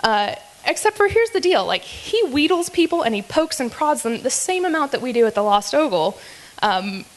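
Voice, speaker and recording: A woman's voice: sits high, very animated, normal speed, few pauses. Giggly woman roasting people on stage. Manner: teasing, giggly, many fillers. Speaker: roast emcee. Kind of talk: live comedy roast.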